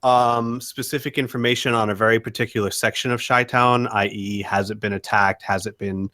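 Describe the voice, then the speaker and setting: A man's voice: on the low side, fairly even intonation, brisk, sharp tone. Hesitant man playing a tabletop game. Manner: hesitant, many ums and restarts. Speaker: player. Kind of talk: describing his character's actions in a tabletop game.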